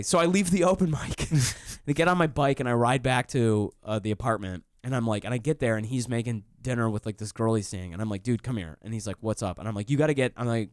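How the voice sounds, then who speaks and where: A man tells a story as a comedian guest in a casual chat. His voice sits in a middle pitch and sounds dry and close to the mic. He swears freely and leaps up in pitch when he acts out his own lines. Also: brisk, no echo. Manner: animated, profane, jumps up in pitch when quoting himself.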